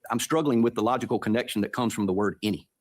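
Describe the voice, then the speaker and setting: A man sits as a justice and questions the lawyer at a brisk pace, polite and searching. He often pauses on "uh" as he works through his doubts about the argument. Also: fairly low pitch. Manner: courteous, searching questions with hesitations. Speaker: supreme court justice. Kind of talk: questioning counsel at oral argument.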